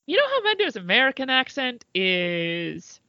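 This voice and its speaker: A woman's voice: on the high side, huge pitch swings, normal speed, sharp tone, no room sound, dull audio. A woman co-hosting a podcast in casual chat, swearing freely and trailing off mid-thought. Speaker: podcast co-host.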